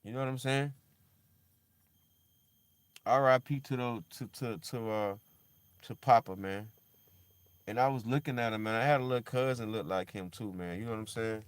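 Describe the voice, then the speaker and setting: In a casual monologue, a man rambles in slang, saying "bro" and "dog" a lot, and swings from loud animated bursts to a low, somber mutter. His voice is smooth, at normal speed with long pauses, and the recording has no echo.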